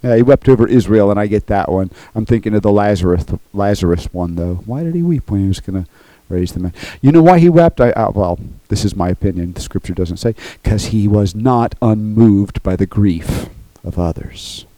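Earnest low-voiced male preacher. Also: normal speed, hardly any pauses, dark tone, no echo, poor audio. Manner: earnest, emphatic, repeats "okay?" to the congregation. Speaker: pastor. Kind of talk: sermon.

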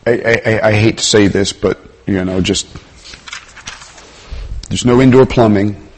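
Husky-voiced man preaching a sermon. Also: on the low side, fairly even intonation, unhurried. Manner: conversational, swings between loud emphasis and quiet asides.

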